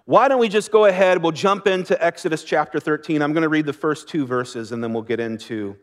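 Casual preacher guy, high voice, earnest but relaxed sermon talk. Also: fairly quick. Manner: earnest, conversational preaching with light laughs. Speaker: pastor.

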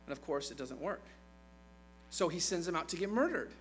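A man's voice: on the high side, lively intonation, fairly quick, slight background noise, low-quality recording. A man preaching a sermon in a conversational way, retelling scripture with playful asides.

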